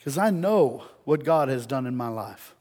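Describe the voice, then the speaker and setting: A man preaching a sermon, telling a story and building to loud, emphatic peaks. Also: medium pitch, expressive, measured pace.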